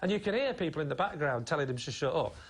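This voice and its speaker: A man's voice: fairly high pitch, animated, fast, husky, some chatter behind. A man enthusiastically recounting a comedy routine in an interview. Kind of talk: documentary interview.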